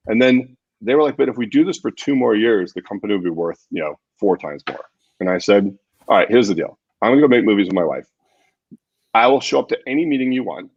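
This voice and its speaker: A man's voice: on the low side, fast talker, breathy edge, muffled recording. A middle-aged man, a podcast guest, telling stories and acting out the dialogue of people in them. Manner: animated storyteller, acts out quoted dialogue. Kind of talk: storytelling in a podcast interview.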